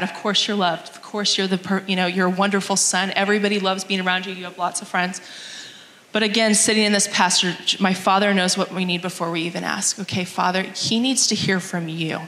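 A woman's voice: medium pitch, a bit bright. Earnest mother in an echoey church hall. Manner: earnest, reflective, reads scripture aloud. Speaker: mother sharing a testimony. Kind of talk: church testimony talk. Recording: echoey hall, long reverb.

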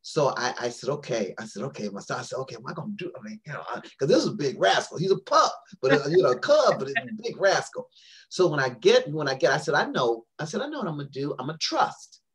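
Animated husky-voiced woman telling a story. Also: low voice, quick pace. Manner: animated, rambling with many fillers and restarts. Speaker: guest, poet and author. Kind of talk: casual storytelling in an interview.

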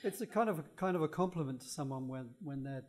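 A man's voice: a little high, fast, a little mellow. A man answering lecture questions, musing. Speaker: guest lecturer.

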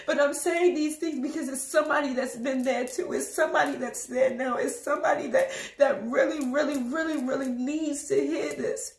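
A woman's voice: high-pitched, steady tone, normal speed, roomy sound. A woman preaching an emotional testimony while crying, repeating herself and urging her listeners on. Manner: emotional, repetitive, exhorting. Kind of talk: tearful spoken testimony.

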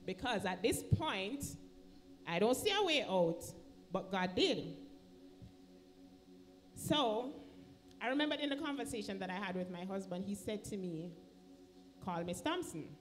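A woman's voice: medium pitch, expressive, a little slow, pauses often, faint music behind. A woman with a Jamaican accent giving an emotional personal testimony in church, acting out the voices of the people in her story. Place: church sanctuary.

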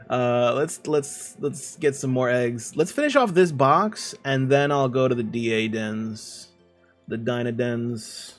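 A man's voice: medium pitch, slow, faint music behind. A man chatting casually on a live game stream, reading viewer messages aloud and joking around in a playful, rambling way.

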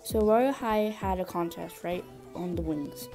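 Woman doing a chatty game review vlog, something in her mouth from braces, mellow voice, soft music behind her. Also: on the low side, unhurried. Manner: chatty, restarts and corrects herself often. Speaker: gaming video creator.

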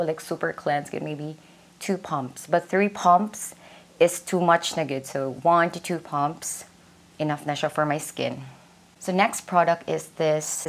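A young Filipino woman with a Cebuano accent, chatting casually at home about her skincare and mixing Cebuano words into her English. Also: low-pitched. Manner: chatty, mixes Cebuano into English, many fillers and "like". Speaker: beauty vlogger. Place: indoors at home.

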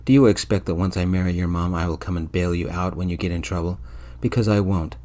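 A man voicing a stern, controlling rich older man in a soft-spoken ASMR storytelling reading, cold and domineering. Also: low voice, steady tone, fast talker, natural voice.

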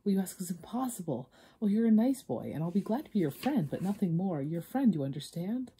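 Woman reading aloud as a young woman, earnest, trembling, kindly firm, husky, low-pitched. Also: big pitch swings, a little fast, dark tone, exaggerated voice. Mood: gentle refusal. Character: young woman gently refusing a suitor.

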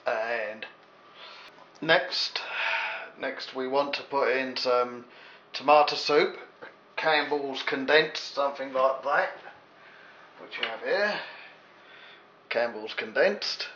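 A man from England demonstrates cooking in his home kitchen, his mid-range voice bright and forceful, slow and often pausing. The demo is relaxed and jokey, packed with rambling asides to the viewer, and recorded in echoey, dull lo-fi with faint hiss.

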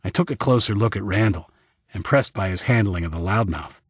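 Male audiobook narrator, first-person storytelling, measured, low pitch, husky tone, dry close mic. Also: dry recording.

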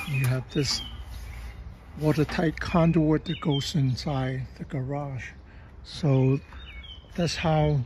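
Slow, plain-spoken man showing his gear. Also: a little high, a little mellow, slight background noise. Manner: unhurried, plain-spoken, with pauses and fillers. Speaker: DIY video maker. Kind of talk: casual show-and-tell narration. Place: garage and yard, partly outdoors.

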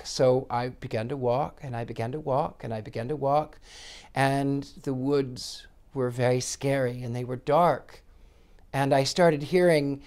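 Earnest soft-spoken man musing. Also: medium pitch, measured pace. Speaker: psychic sharing personal reflections. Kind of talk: reflective monologue.

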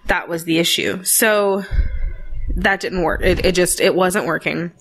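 A woman's voice: fairly low pitch, steady tone, unhurried, a bit bright. A woman co-hosting a podcast in casual chat, eager and talkative, with teasing asides and casual swearing. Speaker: podcast co-host, mother of four.

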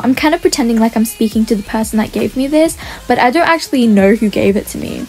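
A woman with a fairly high voice talks through her gameplay in a chatty commentary. She keeps up a running narration of what is happening and reads other players' chat messages aloud along the way. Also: animated, fast, a little mellow. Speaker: gaming channel host.

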